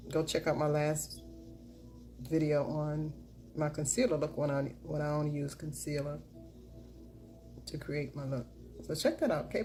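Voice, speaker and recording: Middle-aged woman vlogger, deep mellow voice, chatty and upbeat, recorded on a camera mic with faint hiss. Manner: chatty, repeats catchphrases and cheers herself on. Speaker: makeup vlogger. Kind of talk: casual makeup tutorial chat.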